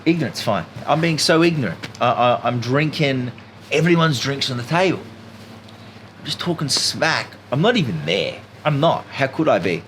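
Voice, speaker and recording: A man telling a story in an animated, emphatic way as a podcast guest. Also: mid-range voice, normal speed, a little hiss or hum. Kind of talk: casual storytelling chat.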